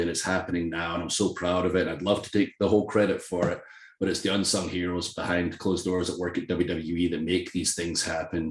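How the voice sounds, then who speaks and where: A Scottish man with a very low voice chats as an interview guest in a room with noticeable echo. He tells stories in a lively, self-deprecating way and laughs often. His accent is softened but still plainly Scottish. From Scotland. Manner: animated, self-deprecating storyteller who laughs often and acts out quoted voices. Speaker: guest, professional wrestler. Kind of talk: casual interview chat.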